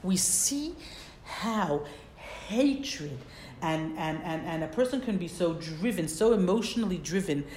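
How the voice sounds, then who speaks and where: A woman's voice: fairly low pitch, expressive, measured pace, a little mellow, a little hiss or hum. A woman teaching a Bible class who reads Hebrew verses, translates them, and repeats words for stress. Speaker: Torah teacher. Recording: roomy echo.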